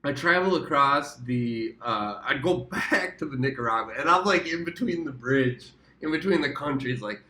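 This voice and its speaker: A man from the United States rambles through a travel story in a loose vlog style, swearing freely and stopping to correct himself. His voice is bright and forward. The room around him adds a roomy echo. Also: mid-range voice, expressive, normal speed, few pauses. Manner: rambling, profane, self-correcting. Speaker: travel vlogger. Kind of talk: casual storytelling.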